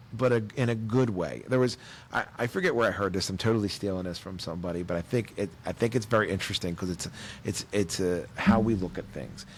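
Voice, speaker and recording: A man talks casually as a comedian guest on a podcast. He tells stories with energy and jumps into voices for the people in them. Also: fairly low pitch. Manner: animated storyteller, acts out voices.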